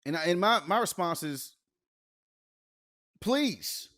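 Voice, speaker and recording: A man's voice: mid-range voice, lively intonation, a little fast. A man co-hosting a podcast in casual chat, blunt and profane, acting out what other people say. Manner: blunt and profane, acts out quoted speech. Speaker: podcast co-host.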